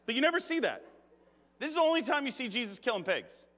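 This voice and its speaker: A man preaching a conversational sermon in a church, joking, animated and laughing often. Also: very high voice, fast. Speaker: guest preacher. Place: church sanctuary. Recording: long reverb of a church hall.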